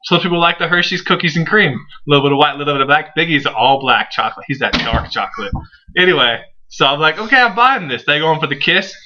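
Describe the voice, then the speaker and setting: Young male co-host, jokey storyteller, bright voice, lo-fi mic. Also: a little high, fast. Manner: excitable, jokey storytelling with acted asides. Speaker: co-host, divas correspondent. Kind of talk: casual wrestling review chat. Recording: lo-fi home recording.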